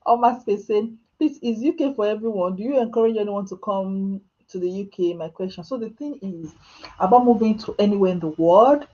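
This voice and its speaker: A woman's voice: mid-range voice, a little fast, warm tone, dull audio. A woman from Nigeria with a Nigerian accent, chatting casually on a live stream as she answers viewers' questions, joking about herself and laughing often. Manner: chatty and self-mocking, laughing often, with Nigerian Pidgin asides. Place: home.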